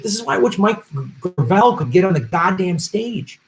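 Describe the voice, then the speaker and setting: On his political commentary livestream, a man works through viewer donations and launches into foul-mouthed rants, lurching from mumbles to yells. His voice sits high with lively intonation at an ordinary pace, and soft music plays in the background.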